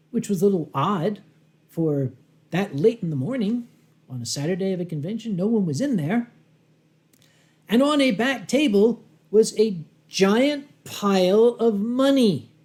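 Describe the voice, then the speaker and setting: Performing live at a convention, a man with a high, slightly mellow voice spins a funny story. He stays dry and wry, leans on dramatic pauses, acts out lines he rehearsed, and clears his throat often.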